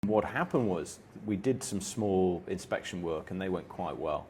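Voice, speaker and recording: A man, a company co-founder, reminiscing in a relaxed storytelling way, with many fillers and restarts. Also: deep voice, moderate pace, slight background noise. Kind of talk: anniversary reminiscing. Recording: music playing under the voice.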